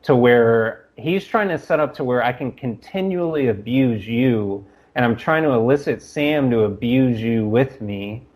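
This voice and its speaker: Podcast guest, male, mid-pitched, stop-start delivery, acts out example dialogue. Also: a little mellow. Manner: halting restarts, acts out quoted dialogue. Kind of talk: casual podcast discussion.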